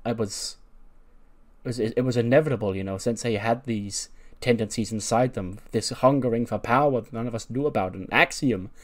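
A man's voice: medium pitch, normal speed, close to an everyday voice. A man voicing an earnest young male wrestler who rambles reassuringly to a friend.

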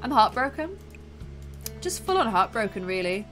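A woman's voice: a little high, very animated, moderate pace, a bit bright, faint music behind. A woman giving playful, dramatic commentary over a video game and often breaking into laughter. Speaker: gaming video host.

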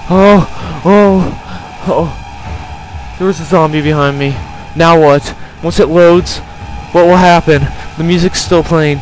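A man's voice: fairly high pitch, steady tone, normal speed, hardly any pauses, faint music behind, poor audio. A young man commentating a horror game, jumpy and panicky, often crying out in fright. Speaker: gameplay commentator.

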